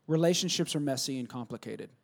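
A male pastor preaching a sermon, swinging from loud, emphatic bursts to low, quiet asides and acting out conversations with himself. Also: fast, gravelly. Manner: acts out conversations, asking and answering himself.

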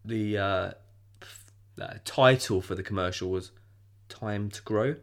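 A man's voice: fairly low pitch, unhurried. A man, a podcast guest, reminiscing in hesitant casual chat. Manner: hesitant, reminiscing, laughs easily.

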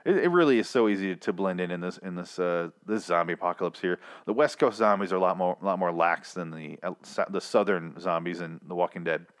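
A man's voice: low voice, a little fast, hardly any pauses. A young man hosting a casual solo recap of a TV episode, rambling and joking, mocking the characters in put-on voices. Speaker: podcast host recapping a TV episode.

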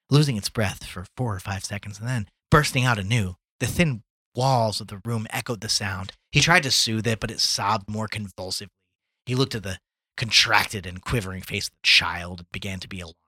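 A man's voice: fairly low pitch, breathy edge, no echo, studio quality. A man reading a short story aloud for a podcast, acting out the dialogue with feeling. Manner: expressive, voices the dialogue dramatically. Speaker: podcast reader.

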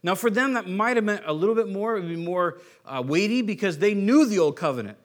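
A man giving a casual, conversational sermon as a pastor, relaxed and chatty with slang and frequent restarts. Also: sits high, fast.

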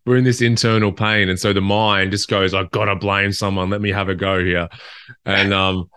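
A man's voice: on the low side, little pitch movement, moderate pace, sharp tone, smooth, no room sound, clean studio sound. A man co-hosting a casual podcast chat, reflective and thoughtful. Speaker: podcast co-host.

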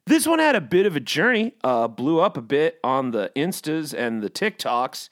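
Jokey man rambling with wild pitch swings. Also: very animated, normal speed, no echo, studio quality. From Midwest US. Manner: rambling, jokey, swings between loud outbursts and mumbles. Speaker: podcast host. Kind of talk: casual comedic monologue.

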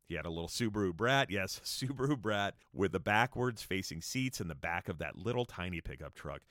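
Man in his fifties, from Southern California, casual storyteller, swears, voice leaps up when excited, dry close sound. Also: a little fast, no echo. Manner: animated, swearing, jumps high when excited. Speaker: podcast storyteller.

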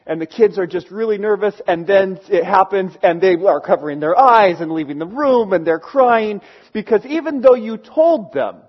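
High-voiced man preaching a story. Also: moderate pace, highs cut off. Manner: animated, acting out characters, conversational. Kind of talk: storytelling sermon.

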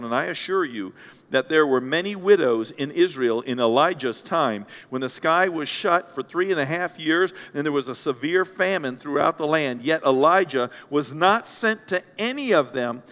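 A man preaching a Sunday sermon, blunt and animated, acting out the voices of the people in his story. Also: on the high side. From Central Kentucky. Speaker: pastor. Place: church sanctuary. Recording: long hall reverb.

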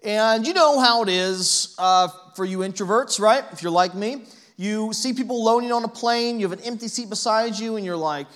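A man preaching a sermon in a conversational way, often adding "right?" and telling animated, self-deprecating stories. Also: high-pitched, moderate pace. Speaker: pastor.

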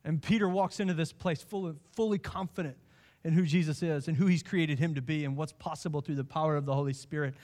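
A man preaching a sermon as pastor, impassioned, swinging from hushed lines to pleading ones. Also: a little high, fairly even intonation, fast.

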